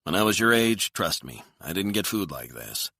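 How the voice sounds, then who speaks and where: A man voicing a cool, controlled hired killer who speaks calmly and quietly threatens, in a deep voice. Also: moderate pace, vocal fry, breathy edge, no room sound, clean studio sound, heavily acted. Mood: easygoing.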